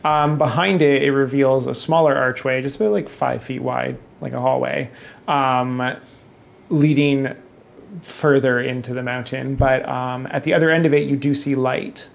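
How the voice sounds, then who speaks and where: A man narrating a tabletop game as game master, in a halting way with many fillers and restarts. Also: medium pitch, steady tone. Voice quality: gravelly.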